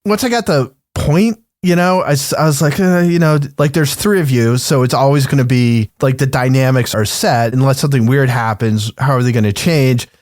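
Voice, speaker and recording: A man's voice: medium pitch, moderate pace, few pauses, darkish tone, no echo, clean studio sound. A man on a podcast speaking hesitantly and thoughtfully with many fillers in casual chat. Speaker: podcast co-host.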